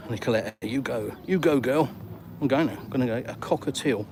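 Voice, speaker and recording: A man's voice: medium pitch, brisk. A retired man from England with an English accent, chatting on a live-streamed walk outdoors and reading out viewer comments in a matey way. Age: older. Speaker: vlogger. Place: outdoors by water in a town. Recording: outdoor traffic noise.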